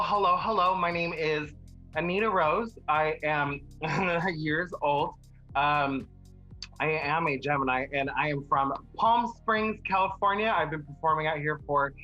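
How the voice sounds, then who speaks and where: A man's voice: on the high side, pushed and bright, highs cut off. A man who performs in drag, talking playfully and sassily in an interview. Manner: playful, sassy. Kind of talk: documentary interview.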